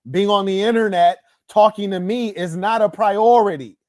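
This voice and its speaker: A man's voice: high-pitched, normal speed, no room sound, studio quality. A man hosting an online livestream, delivering a combative monologue in a boastful, scornful, preachy way. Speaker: online show host.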